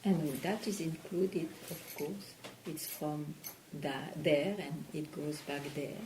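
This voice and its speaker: A woman spiritual teacher in a satsang dialogue, talking slowly and probing with questions. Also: low voice, darkish tone. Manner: slow, probing, questions the listener. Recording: echoey room with faint noise.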